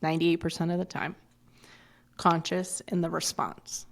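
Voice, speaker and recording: A woman in her forties with a low, gravelly voice, talking in a loose, unfiltered way. She curses offhandedly and drifts into side stories as she chats on a podcast. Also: level tone, moderate pace. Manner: blunt, swears freely, rambling asides. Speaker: podcast guest. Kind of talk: casual chat.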